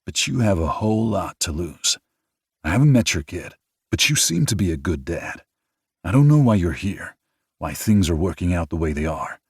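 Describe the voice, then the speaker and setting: A man voicing a frank, thoughtful grown man speaking in a measured way. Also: deep voice, very animated, husky, dry recording, clean studio sound, exaggerated voice.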